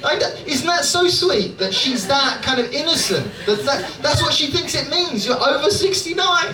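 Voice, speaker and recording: At a comedy club in London, an animated stand-up from Dorset, England, does crowd work at a moderate pace in a high-pitched voice. Chatty and sweary, he keeps saying "right?"; the distant recording is roomy, with loud crowd noise.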